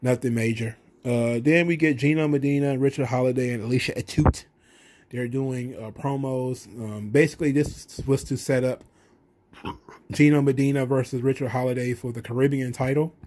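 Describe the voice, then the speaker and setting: A man's voice: mid-range voice, steady tone, normal speed, darkish tone. A man hosting a wrestling review channel, recapping a show in a blunt, profane, rambling way.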